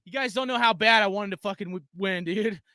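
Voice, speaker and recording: A man hosting his sports fan channel, ranting live on a stream from home in a profane, excitable, rambling way. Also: high voice, a little fast, dry recording, clean studio sound.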